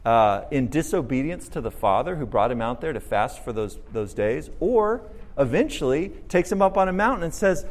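A pastor delivers an animated sermon, questioning his listeners and acting out the lines he quotes. His voice sits in the mid range and moves at a normal speed.

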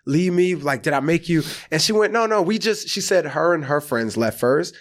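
Male comic guest, raised in the South, fairly high voice, lively slangy storytelling. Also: normal speed. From American South. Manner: animated storyteller acting out quotes, slangy. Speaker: podcast guest, actor and comedian. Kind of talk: casual storytelling chat.

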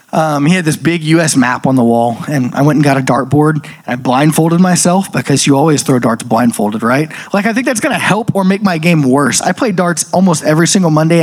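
Chatty man telling a personal testimony. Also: fairly high pitch. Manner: chatty, full of "like" fillers, animated quoted asides. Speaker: speaker sharing a personal testimony. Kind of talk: casual storytelling talk.

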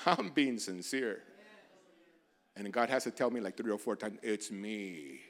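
A man preaching a sermon as a pastor, moving from quiet asides to loud, urgent exhortations. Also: medium pitch, lively intonation, moderate pace. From barrio in the United States.

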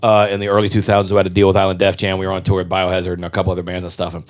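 A man in his forties, a musician from Memphis, telling profane, animated stories in casual chat. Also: deep voice, racing. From Memphis, Tennessee. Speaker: musician guest.

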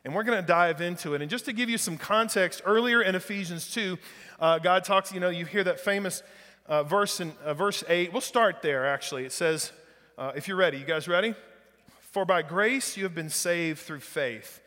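Folksy preacher guy, high bright voice, big echoey hall. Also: fairly quick. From northeast Louisiana. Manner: casual, folksy, enthusiastic. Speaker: guest pastor. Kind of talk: sermon with humor. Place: church sanctuary.

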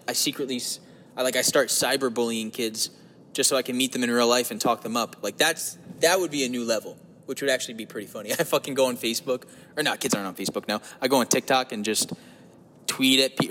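Talking fast in a mid-range voice, a New Jersey podcast host holds a solo ramble from his parked car that's crude, profane, and joking, with swings into loud voices. There's a big-room sound and slight background noise.

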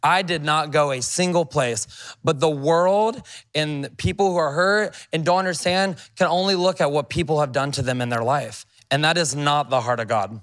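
A man's voice: fairly high pitch, moderate pace, fairly bright tone. A male pastor preaching a sermon, reading scripture aloud and commenting on it in a conversational, emphatic way.

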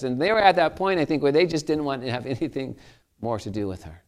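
A man's voice: medium pitch, quick pace. A man preaching a sermon as a pastor, telling stories in a conversational way and asking his listeners questions.

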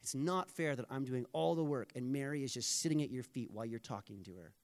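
A frantic woman host fussing over her house and complaining she does all the work, as a man preaching puts her on. She talks fast and aggrieved. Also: medium pitch, natural voice. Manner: hurried, aggrieved.

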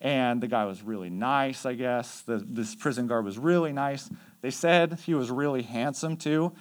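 A man at an everyday middle pitch tells stories from his mission trips as a youth leader. He talks loosely and casually, scattering fillers as he goes. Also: normal speed. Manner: conversational, chatty with many fillers. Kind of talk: casual storytelling.

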